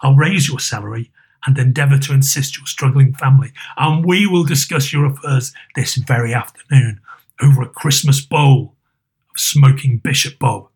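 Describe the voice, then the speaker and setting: A man voicing a reformed old miser with a lower, gruff and emphatic voice in a storybook reading. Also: normal speed, darkish tone. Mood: gleeful. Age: older.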